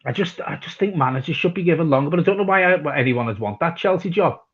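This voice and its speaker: A man's voice: a little high, lively intonation, fast talker, slightly rough, dull audio. A man from hosting a live football watch-along, reading out viewer comments and chatting casually with plenty of swearing. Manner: casual, swears freely, reads chat messages aloud. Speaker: fan channel host reading viewer comments.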